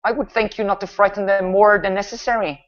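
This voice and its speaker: A man's voice: high voice, steady tone, quick pace, a bit bright, muffled recording, voice pushed up. A man voicing a stern older village woman who scolds primly. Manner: prim, scolding.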